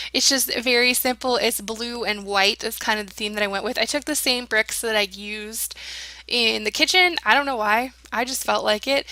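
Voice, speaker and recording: A woman's voice: fairly high pitch, creaky, bright, forceful tone, no room sound. A young woman casually narrating her video game build in a rambling, giggly, self-deprecating way, sounding tired. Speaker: gaming channel host. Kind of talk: casual voice-over commentary on a build.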